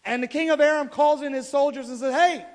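A man preaching a sermon, retelling scripture in a casual, animated storytelling way. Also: very high voice, quick pace.

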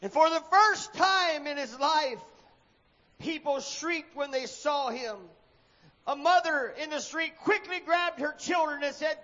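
A man with an extremely high voice preaches a sermon at a measured pace, telling a story dramatically and acting out the characters' shouted cries. The recording sounds dull and echoey, as if made in a hall.

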